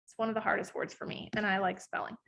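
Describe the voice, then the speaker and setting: A woman's voice: medium pitch, little pitch movement, quick pace, gravelly, background noise. A woman leading a live online sales training for her team, talking energetically with lots of fillers and restarts. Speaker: network marketing trainer.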